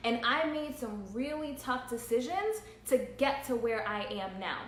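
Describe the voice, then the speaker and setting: A woman's voice: a little high, animated, measured pace, few pauses, fairly bright tone, echoey room, a little hiss or hum. A woman in her thirties speaking earnestly on a livestream, repeating her points and laughing through emotion. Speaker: entrepreneur vlogger. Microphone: phone livestream.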